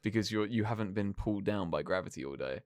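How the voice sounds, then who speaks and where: A young man chats casually on a podcast, rambling through self-mocking stories. His voice is low but very lively in pitch, and the sound is dry and close. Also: fast, no room sound. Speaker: podcast co-host. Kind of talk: casual chat.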